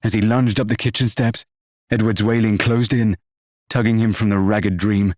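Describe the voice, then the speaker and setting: A man narrating an audiobook novel in a measured, expressive reading. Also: on the low side, no room sound, clean studio sound.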